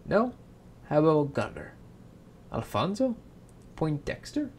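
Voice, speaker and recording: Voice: mid-range voice, wildly swooping pitch, slow, a little mellow, a little hiss or hum. A reader voicing a worried young queen who pleads earnestly in a storybook read-aloud. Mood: pleading. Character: worried young queen guarding her baby.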